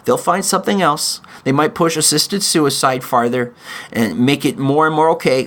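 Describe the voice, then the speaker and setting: A man's voice: on the high side, moderate pace, a bit bright. A man speaks in a slightly raised voice, pleading and emotional as he hosts his podcast. His delivery halts and restarts while he pushes through his points. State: in chronic pain. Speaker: podcast host. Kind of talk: impassioned opinion monologue.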